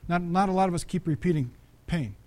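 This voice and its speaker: Middle-aged male pastor, slightly high voice, lively conversational preaching with sudden loud peaks. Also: quick pace. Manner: restarts and repeats words often. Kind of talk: sermon.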